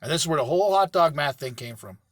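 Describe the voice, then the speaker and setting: A man's voice: a little high, animated, fast talker, no echo, clean studio sound. A middle-aged man who owns a septic pumping business, talking casually to camera from inside his parked work truck, rambling and correcting himself as he goes. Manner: rambling, self-correcting, plainspoken.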